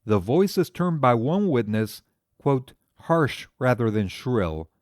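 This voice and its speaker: A man's voice: mid-range voice, big pitch swings, no room sound, studio quality. A man reading a methodical detective. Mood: reasoning. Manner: measured, reasoning lecture. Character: calm, methodical amateur detective, adult man. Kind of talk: audiobook character reading.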